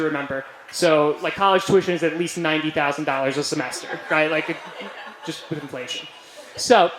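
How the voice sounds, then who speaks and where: Young male stand-up, slightly high voice. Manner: animated, keeps asking "right?", jokey self-praise. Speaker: stand-up comedian. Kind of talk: stand-up comedy set. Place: comedy club stage with a live audience. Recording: roomy live club sound with faint room noise.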